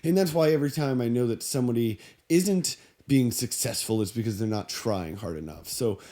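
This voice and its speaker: A man's voice: medium pitch, a little fast, warm tone. A man hosting a satirical radio show in a stiff, earnest, prim persona, speaking in a studio. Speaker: satirical radio host in character. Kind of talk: deadpan comedic talk-show bit.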